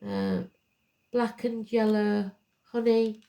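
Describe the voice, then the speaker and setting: A woman's voice: medium pitch, sing-song, takes it slowly, mellow. A woman giving a live tarot card reading, blunt and emphatic, drifting into rambling asides. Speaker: tarot reader.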